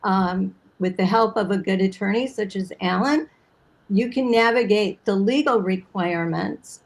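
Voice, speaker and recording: Woman guest expert, middle pitch, informative, steady delivery. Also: normal speed, poor audio. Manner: steady, fact-heavy explaining. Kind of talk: informative panel answer.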